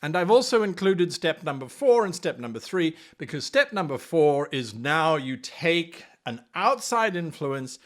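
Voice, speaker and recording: Enthusiastic male game-master coach, high voice, wide swoops, acts out players. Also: measured pace, few pauses. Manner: animated, playfully acts out players and dabbles in accents. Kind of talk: enthusiastic advice video.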